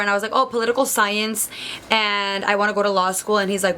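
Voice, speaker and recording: A woman's voice: mid-range voice, level tone, a little fast, fairly bright tone, a little hiss or hum. A young woman vlogger telling a story in a chatty way, full of likes, acting out what others said. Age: young adult. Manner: chatty, many likes, acts out quotes. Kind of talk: storytime vlog.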